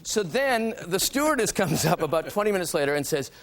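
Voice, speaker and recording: Canadian man, talk show guest, high bright voice, lively storytelling, faint background noise. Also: fairly quick. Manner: animated, acts out voices in stories. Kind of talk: storytelling anecdote. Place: television studio.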